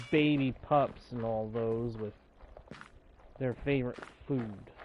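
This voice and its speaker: A man live-streaming a game and chatting with his viewers, shifting into high excited bursts when he greets them and putting on mock outrage over small mistakes. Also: vocal fry, muffled recording, a little hiss or hum. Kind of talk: live gameplay chat with viewers.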